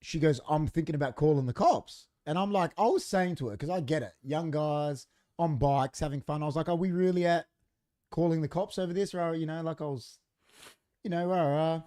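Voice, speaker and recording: A man's voice: a little high, brisk. A man, a podcast co-host telling a story in casual chat in a studio, acting out what people said. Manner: animated, acts out quoted dialogue.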